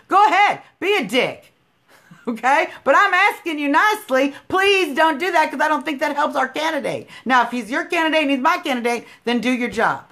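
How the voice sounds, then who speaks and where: A woman's voice: high voice, fairly bright tone. A woman hosting a political livestream, talking bluntly and emphatically, scolding her viewers and swearing freely. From United States. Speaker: livestream host.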